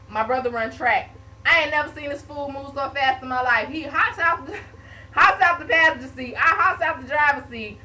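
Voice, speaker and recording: A young woman with a high, bright voice tells a story in an animated, casual way, with sound effects. She is a little way from a webcam mic indoors, with a faint hiss underneath. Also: far from the mic, poor audio. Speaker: vlogger.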